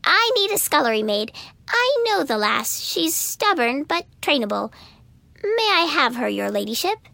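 A protective old cook from a storybook, plain-spoken and firm, slow and a bit higher, as a woman reads her. The recording is dry and close. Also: big pitch swings, gravelly, sharp tone, no echo, full character voice.

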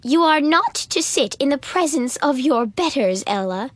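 A woman's voice: sits high, lively intonation, measured pace, no room sound. A woman voicing a pompous, greedy stepmother who gives haughty commands in a storybook reading.

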